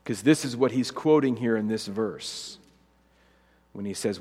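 A man's voice: lowish voice, unhurried, breathy edge. Male preacher in a reverberant church. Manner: animated, humorous storytelling with acted quotes. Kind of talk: sermon.

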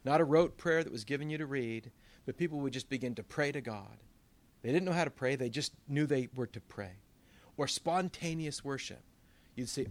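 A man, a pastor, preaching a sermon in a conversational way, with asides and quick backtracks. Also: mid-range voice.

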